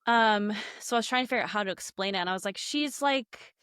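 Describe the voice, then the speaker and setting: Casual woman guest telling a spirit story, lots of "like", mid pitch, dry sound. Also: fast, clean tone, no room sound. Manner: animated, acts out quotes, many "like" fillers. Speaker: podcast guest, medium.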